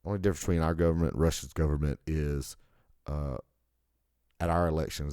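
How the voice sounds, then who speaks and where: A man's voice: extremely low pitch, brisk, warm tone, no room sound, studio quality. A young American man hosting a podcast alone, rambling and ranting with heavy profanity. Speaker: podcast host. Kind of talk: casual solo monologue.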